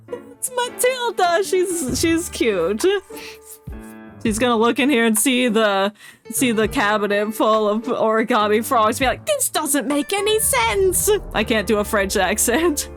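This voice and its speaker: A woman streaming a video game, chatting casually, laughing often and reading the game text aloud. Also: medium pitch. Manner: giggly, rambling, reads game text aloud. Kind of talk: casual chat while playing a game. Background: game music.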